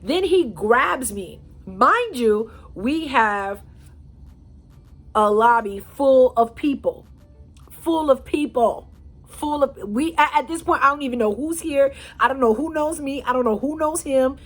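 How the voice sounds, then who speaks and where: A woman's voice: sits high, a little slow. Chatty woman telling a storytime tale. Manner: chatty, animated, addresses viewers as "y'all". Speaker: storyteller, channel host. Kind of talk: casual storytime vlog.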